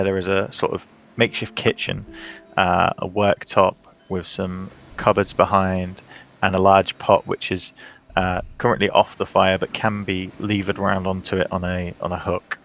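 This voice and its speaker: Slow, gravelly game master narrating. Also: male voice, low-pitched, level tone, fairly bright tone, soft background music. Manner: slow, unhurried description with many ums and uhs.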